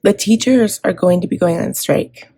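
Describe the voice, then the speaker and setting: A woman's voice: medium pitch, normal speed, warm tone, slightly rough. A woman from Canada in her thirties chatting casually as she plans and decorates her planner, rambling with frequent ums and restarts. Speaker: planner vlogger.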